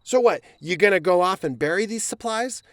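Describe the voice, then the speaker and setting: A man's voice: high voice, lively intonation, fairly quick, dry recording, voice pushed up. A man voicing an angry, scornful young farm brother in a storybook reading. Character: furious hot-headed young farm brother.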